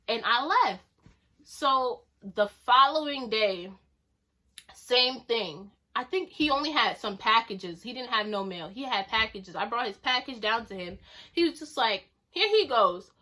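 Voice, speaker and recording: A woman telling a casual storytime vlog in an animated, chatty, slangy way, acting out the lines people said to her. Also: fairly high pitch, measured pace. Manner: animated, chatty, slangy, acts out quoted dialogue.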